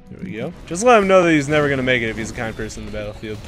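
A young man giving live commentary over his own gameplay, excitable and swearing, breaking into loud bursts. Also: mid-range voice, racing, hardly any pauses, over music. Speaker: gaming commentator.

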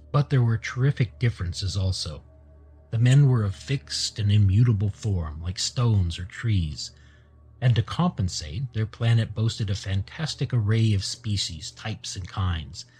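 Guy reading a sci-fi audiobook, low raspy dark voice, faint music behind. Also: lively intonation, normal speed. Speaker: audiobook narrator. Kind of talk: scripted narration.

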